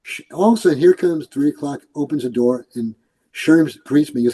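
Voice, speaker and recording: A man's voice: on the high side, quick pace, slightly rough, poor audio. An older man from New York, a retired police commander, telling stories in a casual interview and acting out the voices of the people in them. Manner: animated, acts out quoted voices.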